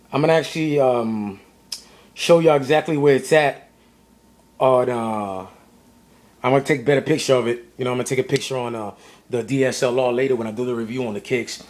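A man telling a casual vlog story about buying sneakers, animated and full of slang. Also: a little high. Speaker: sneaker vlogger.

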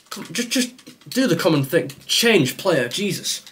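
In a high, very animated yet measured and slightly bright voice, a young gaming YouTuber rants at his own football video game. His live commentary is frustrated, exasperated and sarcastic.

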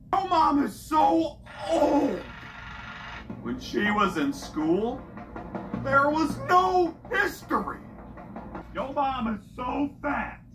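A comedic joke teller with a punchy delivery who shouts each setup line before the punchline. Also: sits high.

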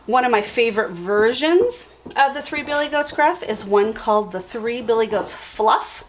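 Expressive teacher telling a story. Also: female voice, fairly high pitch, moderate pace, a little hiss or hum. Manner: friendly, expressive read-aloud. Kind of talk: felt board storytelling for kids.

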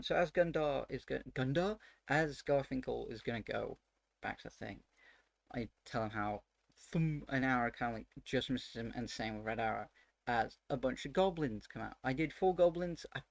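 A man recounting a tabletop game session as its dungeon master, rambling with many fillers and growing excited and exasperated as he goes. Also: mid-range voice, vocal fry, dry recording.

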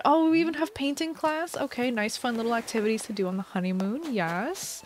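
A woman hosting a casual tour of video game islands, gushing and excitable with frequent delighted exclamations. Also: a little high, a little fast. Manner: gushing, excitable, lots of "oh my goodness". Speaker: host touring game islands. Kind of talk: casual gameplay commentary.

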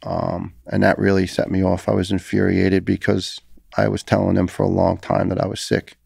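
Middle-aged man, New York accent, gravelly voice, flat delivery, earnest podcast guest, dry close sound. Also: deep voice, normal speed, no room sound. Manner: earnest, emotional retelling with repeated restarts. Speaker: guest, former firefighter. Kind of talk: conversational podcast storytelling.

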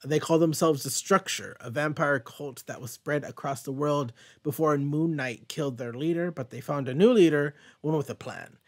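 A man reading the lines of a grim, terse vampire hunter in a flat, matter-of-fact way. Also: a little high, normal speed, few pauses.

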